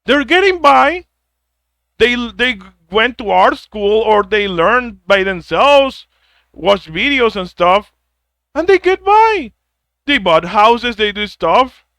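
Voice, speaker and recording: A man with a high, sing-song voice rants slowly through harsh life advice, cursing a lot and tripping over repeated words. The vlogger's fairly bright tone comes through a dry recording as he mocks people in whiny put-on quotes.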